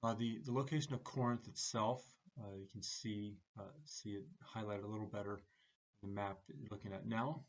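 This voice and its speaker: A low, gravelly, husky man's voice working through a class lecture in a flat, even delivery. He pauses constantly on "uh" between short phrases. The sound is dull and lo-fi. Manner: halting, many "uh" fillers between phrases.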